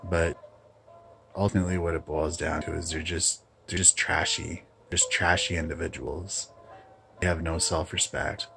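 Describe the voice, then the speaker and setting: A man hosting his own channel, ranting bluntly in a casual, halting monologue. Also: sits low, flat delivery, vocal fry, a bit bright, a little hiss or hum. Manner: blunt, opinionated, halting with restarts. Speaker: channel host.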